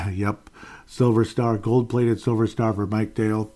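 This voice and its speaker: A man's voice: on the low side, flat delivery, a little slow, mellow. A man hosting a casual solo sports podcast, rambling along with frequent fillers and restarts. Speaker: podcast host.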